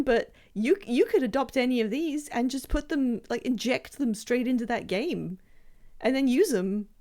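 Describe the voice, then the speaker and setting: A woman's voice: on the high side, darkish tone. A young woman streaming a game live, chatting casually and playfully with viewers, rambling with fillers and laughing often. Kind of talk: casual live-stream chat while gaming.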